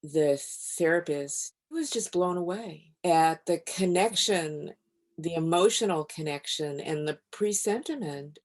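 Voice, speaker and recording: A woman who is a physician and author, guest on a podcast interview, telling stories in a calm, measured way. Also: lowish voice.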